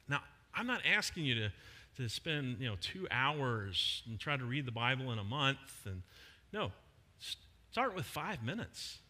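Bright-voiced pastor preaching in a hall. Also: male voice, a little high. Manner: conversational preaching with emphatic pauses. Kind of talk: sermon. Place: church hall. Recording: long hall reverb.

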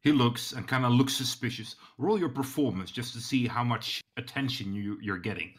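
A man's voice: medium pitch, normal speed. A man narrating a tabletop role-playing game as game master, hesitating often with many fillers and restarts.

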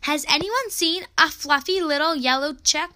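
A woman voicing a lively, clever young boy in a children's story, with a quick, bouncy delivery. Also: a little high, a little hiss or hum.

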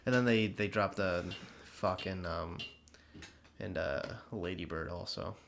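A man's voice: sits low, unhurried, creaky, a bit bright, slight background noise. Laid-back swearing podcast guy. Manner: rambling, profane, laughs often. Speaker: podcast co-host. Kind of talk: casual chat.

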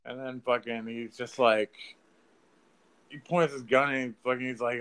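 A man co-hosting a podcast, chatting casually about a film, swearing freely and acting out lines in a high mocking voice. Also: steady tone, moderate pace, a bit bright, smooth. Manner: loose, profane, acts out lines in a high mocking voice. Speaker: podcast co-host. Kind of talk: casual movie review chat.

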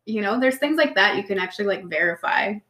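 A woman's voice: medium pitch, animated, fast, pushed and bright. A woman co-hosting a casual chat, a chatty storyteller who swears freely. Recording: echoey room.

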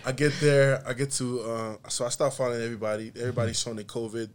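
A man's voice: medium pitch, fast, clear, resonant tone. A man who grew up in the United States, a podcast guest telling a story in casual conversation and acting out what other people said. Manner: animated, acts out other people's lines. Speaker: podcast guest, comedian and musician.

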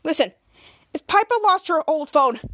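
A woman's voice: high-pitched, animated, moderate pace, fairly bright tone, no room sound. A woman voicing a flustered teenage boy superhero sidekick, quoting his lines in a raised, eager voice.

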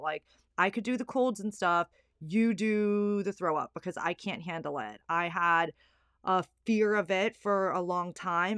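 A woman's voice: fairly low pitch, a bit bright, dry recording, studio quality. A young woman, a stay-at-home mom, candidly telling a personal story with lots of fillers. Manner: candid, emotional, filler-heavy.

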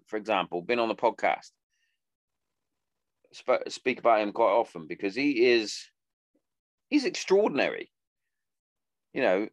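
A man's voice: medium pitch, dry recording. Sweary man rambling on a podcast. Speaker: podcast host. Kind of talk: casual monologue.

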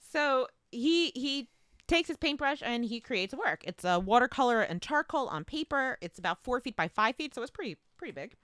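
A woman's voice: fairly high pitch, big pitch swings, moderate pace, a bit bright, no echo, clean studio sound. A woman co-hosting a podcast, telling a history story in casual chat and reading out article passages, laughing easily. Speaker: podcast co-host.

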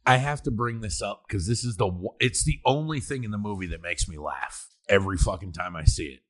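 A man hosting a podcast, chatting casually and profanely about a film and acting out its lines. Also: lowish voice. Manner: profane, animated, acts out movie lines. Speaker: podcast host.

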